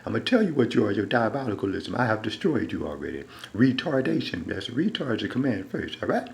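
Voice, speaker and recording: A man delivering a rambling, repetitive monologue into a phone, dropping to a low mutter and then rising into loud, emphatic bursts. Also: sing-song, fast talker, vocal fry, rough recording. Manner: repetitive, keeps saying "all right". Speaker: self-styled preacher.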